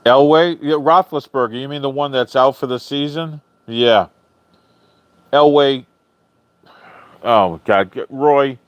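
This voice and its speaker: A man hosting a live stream in casual chat, answering viewers' comments in a chatty, animated way, swearing freely and often laughing. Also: medium pitch, slow pace, long pauses, no room sound. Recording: dull lo-fi stream audio, dry.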